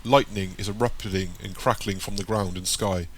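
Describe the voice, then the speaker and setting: A man reading an audiobook in a steady, descriptive way. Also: sits low, moderate pace. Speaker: audiobook narrator. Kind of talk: audiobook narration.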